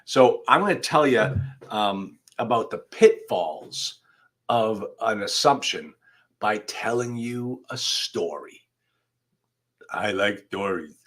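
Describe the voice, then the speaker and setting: Slow and animated, with a fairly bright mid-range voice, this attorney hosts a live online class on law. He speaks to his viewers directly in a conversational, emphatic style.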